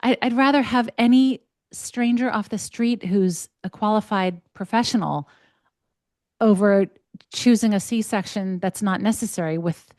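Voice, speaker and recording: A woman's voice: medium pitch, a little slow, a little mellow, dry recording, clean studio sound. A woman hosting a podcast, commenting in an emphatic, incredulous way. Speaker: podcast host. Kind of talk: casual chat.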